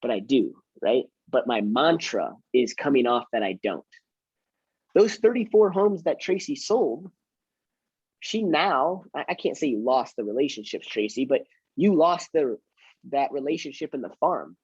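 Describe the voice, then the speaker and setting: A man's voice: mid-range voice, expressive, unhurried, darkish tone, slightly rough, no echo, lo-fi sound. A man who works in real estate, chatting casually and teaching, self-mocking and acting out his door-knocking lines. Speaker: real estate agent and trainer.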